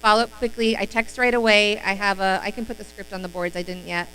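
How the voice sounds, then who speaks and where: A woman's voice: mid-range voice, fairly even intonation, fast talker, sharp tone, slight background noise, rough recording. A woman giving a casual, upbeat sales training talk on a live stream, chatty with many fillers.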